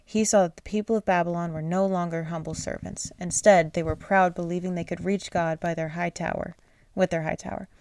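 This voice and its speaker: A woman's voice: on the low side, fairly even intonation, a little fast, smooth. A woman reading a children's bedtime story aloud, sleepy and apologetic, stumbling over names and restarting lines. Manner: gentle, unpolished reading with restarts. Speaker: channel host reading aloud.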